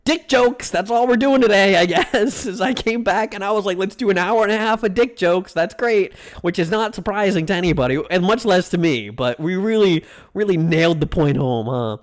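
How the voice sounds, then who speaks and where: A male streamer chats live with his viewers in a loose, rambling way, trading crude jokes and dragging out food names. His voice sits a little higher than most men's. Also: moderate pace, hardly any pauses. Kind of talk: casual live-stream chat.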